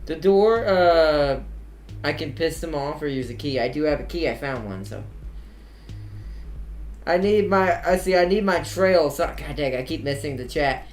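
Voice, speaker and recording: A man's voice: fairly high pitch, animated, unhurried, soft background music. A man giving casual gameplay commentary as a streamer, chatty and laughing often while he reads game dialogue aloud. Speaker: let's play streamer. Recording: echoey room.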